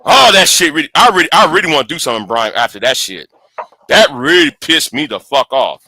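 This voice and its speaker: A man's voice: fairly high pitch, animated, fairly quick, bright, forceful tone. A man hosting his channel in a casual, profane, angry rant, stumbling and repeating words. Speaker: channel host.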